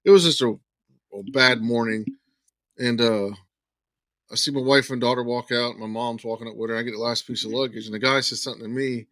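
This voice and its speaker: In a dry recording, a man with a mid-range voice speaks briskly as a podcast guest. He relates a lengthy personal story in conversation, performing the quoted lines of its characters with lots of animation.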